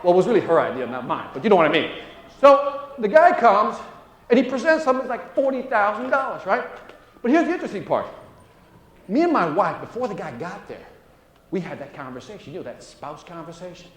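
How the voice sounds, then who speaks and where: A man's voice: high voice, fairly quick. A middle-aged man, a sales trainer, telling a story on stage and acting out the dialogue, often asking "right?" to the audience. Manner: animated, acts out dialogue, frequent "right?". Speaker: sales trainer and motivational speaker. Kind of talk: storytelling keynote talk. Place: large event room. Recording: echoey room.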